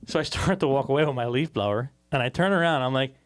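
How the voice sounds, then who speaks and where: A man co-hosting a podcast, telling a profane story in a casual, animated way. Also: medium pitch, fast. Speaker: podcast co-host. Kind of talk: casual chat.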